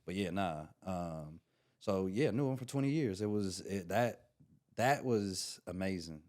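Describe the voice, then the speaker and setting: Lowish-voiced comedian telling a story. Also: male voice, unhurried. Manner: animated, slangy, acts out quotes. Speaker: podcast guest, comedian. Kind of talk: casual storytelling chat.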